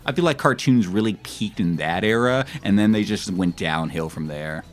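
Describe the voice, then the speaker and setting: A man in his thirties chatting casually with his stream viewers in a rambling, animated way, often breaking into laughter. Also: lowish voice, normal speed, soft background music. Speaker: live streamer.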